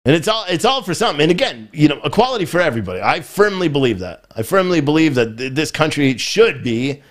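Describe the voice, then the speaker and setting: A man's voice: fairly high pitch, sing-song, fast talker. A man hosting a live political commentary show, talking in a frustrated, rambling way and often repeating himself. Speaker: podcast host.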